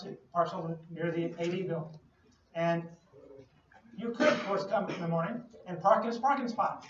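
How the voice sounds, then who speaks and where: A man's voice: high-pitched, fairly even intonation, moderate pace, background noise. A man giving a classroom lecture, explaining with playful everyday analogies and questions to the class. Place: lecture hall. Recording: distant, echoey lo-fi classroom recording.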